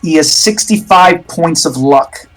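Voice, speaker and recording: A man with a fairly high voice narrates a tabletop horror game as game master. He talks slowly and rambles, often starting over as he finds his words, with faint music in the background. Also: a bit bright, poor audio. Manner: rambling, many fillers and restarts.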